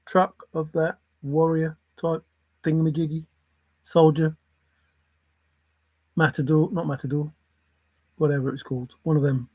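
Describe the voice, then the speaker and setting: A man's voice: on the high side, no echo. A man, musing aloud on his own in a playful, rambling way, jumping between silly word associations.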